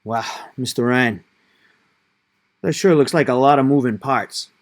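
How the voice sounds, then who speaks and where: A man's voice: medium pitch, a little slow, close to an everyday voice. A man voicing a curious student who is impressed by the lesson, in an everyday voice. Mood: amazed.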